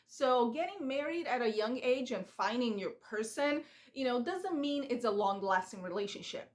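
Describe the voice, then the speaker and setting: A woman talks through a reality show recap in a loose, opinionated, chatty way. Her voice sits a little high for a woman. She drops into quick impressions of the people she discusses. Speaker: reaction vlogger. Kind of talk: casual recap commentary.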